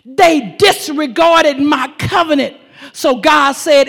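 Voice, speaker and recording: A woman preacher delivering a sermon, shouting and repeating lines for emphasis. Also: very high voice, measured pace, big-room sound.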